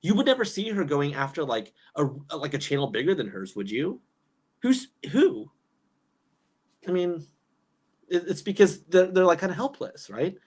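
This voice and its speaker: A man's voice: fairly high pitch, sing-song, normal speed, long pauses, a little mellow, slightly rough. A young man hosting a casual livestream commentary, chatting and reading viewers' comments aloud with plenty of fillers and restarts. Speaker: YouTube commentary host.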